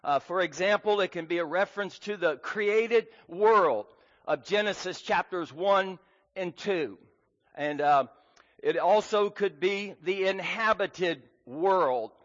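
A man's voice: high-pitched, slow pace, fairly bright tone. A man preaching a sermon as pastor, earnest and emphatic, with frequent fillers. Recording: dull sound with long hall reverb.

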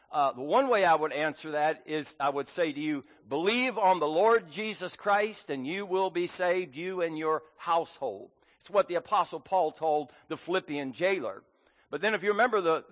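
A man's voice: a little high, a bit bright. A man preaching a sermon as pastor, earnest and emphatic, with frequent fillers. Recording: dull sound with long hall reverb.

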